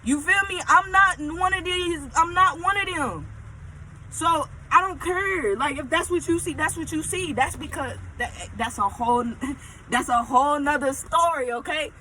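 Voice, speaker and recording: A woman telling a casual storytime, animated and emphatic, often checking in with her listeners. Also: sits high, moderate pace, slight background noise, low-quality recording.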